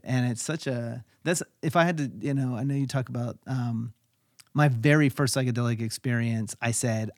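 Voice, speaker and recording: A man's voice: mid-range voice, normal speed, a bit bright, no room sound. A man who is a guest on a podcast, talking candidly and with animation, swearing casually as he tells personal stories. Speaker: podcast guest, tech company founder. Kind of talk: candid conversational storytelling.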